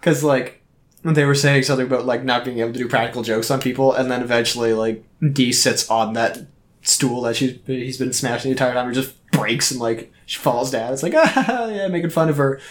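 A man's voice: mid-range voice, level tone, a little fast. A young man in an easygoing podcast chat. He swears often and leans on fillers as he rambles through stories. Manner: loose, swearing, filler-heavy. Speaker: podcast co-host. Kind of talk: casual chat.

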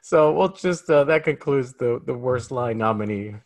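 A man's voice: mid-range voice, lively intonation, normal speed, faint music behind. A man co-hosting a film review podcast, griping emphatically and casually about a movie. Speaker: podcast co-host.

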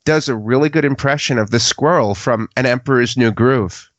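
A man's voice: mid-range voice, moderate pace, no room sound, muffled recording. A man co-hosting and editing a casual podcast, chatty and ribbing the others. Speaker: podcast co-host and editor.

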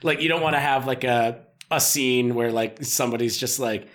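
A man's voice: mid-range voice, normal speed, few pauses, a bit bright. A man co-hosting a podcast in casual chat, rambling and joking with many fillers. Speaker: podcast co-host.

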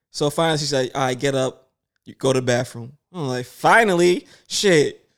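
A man in his thirties telling a story in casual chat, animated and swearing freely, acting out other people's lines. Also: mid-range voice, fairly quick. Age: 30s.

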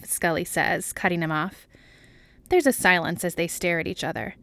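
A woman narrating a fan fiction audiobook in a quiet, even, wry voice. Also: fairly low pitch, normal speed, gravelly, no echo.

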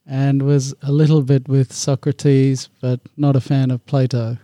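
A man hosting an interview, talking in a relaxed, hesitant, friendly way. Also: mid-range voice, measured pace, dry recording, clean studio sound. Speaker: host. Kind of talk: casual interview.

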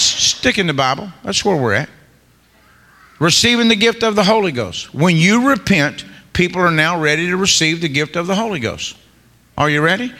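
A man's voice: fairly high pitch, pushed and bright, in a large hall. A man preaching a humorous sermon as a guest preacher, telling colloquial, joking stories to a congregation.

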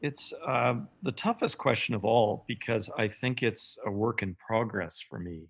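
A Canadian man with a Canadian accent, a podcast guest speaking in a measured, thoughtful way with frequent fillers. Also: on the low side, expressive, gravelly, breathy edge. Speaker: podcast guest, company CEO. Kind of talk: podcast interview.

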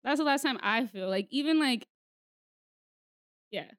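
A woman's voice: high-pitched, animated, unhurried, clean tone, no room sound, studio quality. A young woman co-hosting a casual chat, laughing often and talking in blunt, profane slang.

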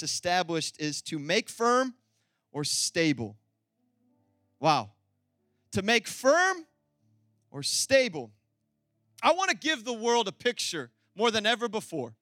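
A man preaching a sermon as pastor, animated and emphatic, calling out to the congregation for an amen. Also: sits high, dry recording, studio quality.

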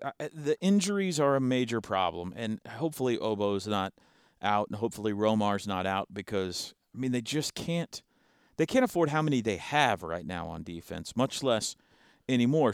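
A man's voice: mid-range voice, expressive, normal speed, clean tone, no echo, clean studio sound. A man hosting a sports talk show, chatting casually and animatedly about a football game, laughing often and restarting his sentences.

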